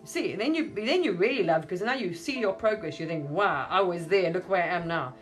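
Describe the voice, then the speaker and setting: A woman's voice: lowish voice, lively intonation, a little fast, soft background music. A woman speaking as a spiritual teacher in a rambling monologue. She gushes, keeps repeating words of wonder and laughs often. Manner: gushing, repeats wow and amazing, laughs often.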